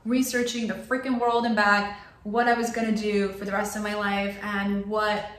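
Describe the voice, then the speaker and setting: A woman's voice: mid-range voice, level tone, normal speed, fairly bright tone, reverberant. A woman vlogger giving an earnest motivational talk to camera, repeating phrases for emphasis. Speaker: lifestyle vlogger.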